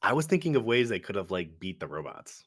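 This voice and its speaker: A man's voice: lowish voice, big pitch swings, brisk, no room sound, clean studio sound. A man co-hosting a podcast, chatting casually about movies, laid-back, swearing and laughing often. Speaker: podcast co-host.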